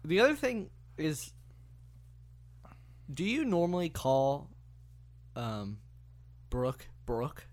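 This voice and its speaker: A man's voice: fairly high pitch, slow, pauses often. A man co-hosting a podcast, chatting casually about a movie, swearing often and mocking its lines in put-on voices. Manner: profane, animated, mocks lines in put-on voices. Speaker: podcast co-host. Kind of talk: casual movie review chat.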